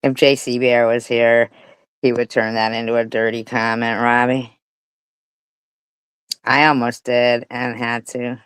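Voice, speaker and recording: A woman's voice: very deep voice, level tone, measured pace, pauses often, clean tone, no echo, low-quality recording. A woman hosting a livestream, talking in a profane, mocking and disgusted way. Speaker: livestream host. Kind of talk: casual livestream commentary.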